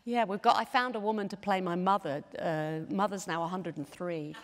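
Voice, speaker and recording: A woman chatting as a guest in an onstage interview, animated and laughing often. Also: on the low side, moderate pace. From England. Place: stage in a large hall. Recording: long hall reverb.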